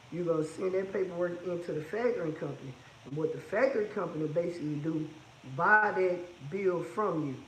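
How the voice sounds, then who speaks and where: A high-pitched man talks in a blunt, emphatic, repetitive way, like someone giving hard-earned advice from his own trucking business. His voice sits in a roomy space with a faint hum of ambience behind it. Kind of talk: casual advice monologue.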